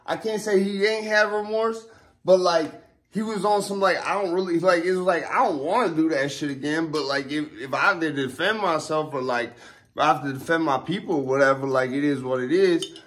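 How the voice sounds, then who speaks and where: This young male vlogger has a noticeably high, fairly bright voice and talks at normal speed in a loose, rambling rant to camera. Profane street slang, constant fillers and restarts run through his speech, and he turns heated and emphatic as he vents.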